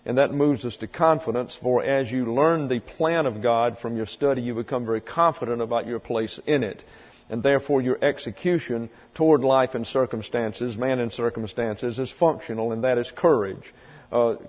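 Male Bible teacher, measured and methodical, repeats key phrases; dull recording, long hall reverb. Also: medium pitch. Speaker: pastor teaching Bible class.

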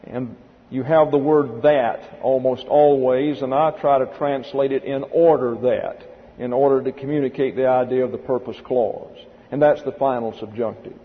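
A man's voice: medium pitch, steady tone, moderate pace. A man teaching Greek grammar in a methodical classroom lecture, spelling words out letter by letter. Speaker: Bible teacher. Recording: dull lo-fi recording with long hall reverb.

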